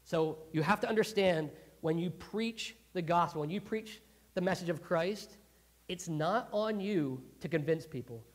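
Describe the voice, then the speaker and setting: A man preaching a sermon in a conversational, earnest way, clearing his throat often. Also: high-pitched, a little slow. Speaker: pastor.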